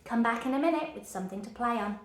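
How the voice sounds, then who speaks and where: A woman's voice: a little high, fast, roomy sound. A woman teaching a children's music lesson, encouraging and chanting rhythms for the class to clap along to. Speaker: primary school music teacher. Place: room with a screen behind her.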